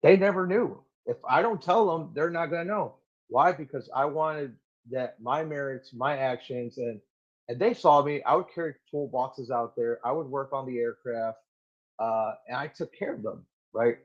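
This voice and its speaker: A man's voice: mid-range voice, moderate pace, muffled recording. A man who is a Marine gunnery sergeant, talking animatedly and swearing freely as a podcast guest, acting out the people in his stories. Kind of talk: casual interview storytelling.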